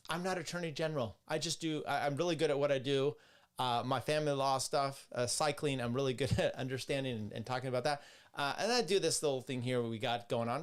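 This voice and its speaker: A young man hosting a podcast, rambling and sarcastic as he comments on clips, with frequent restarts and asides. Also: on the high side. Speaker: podcast host. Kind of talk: casual commentary.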